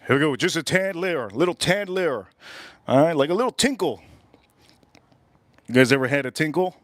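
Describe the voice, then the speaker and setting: A man's voice: on the high side, animated, normal speed, no room sound. Joking, rambling man grilling outdoors. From United States. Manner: rambling, joking, repeats phrases. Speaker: cooking livestream host. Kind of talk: casual live cooking demo.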